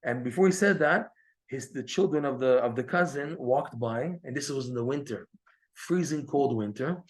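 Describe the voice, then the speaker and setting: A man teaching a Torah class, telling a story in a lively way and acting out the quoted dialogue. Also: normal speed. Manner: animated, acts out quoted dialogue with raised pitch. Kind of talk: storytelling lecture.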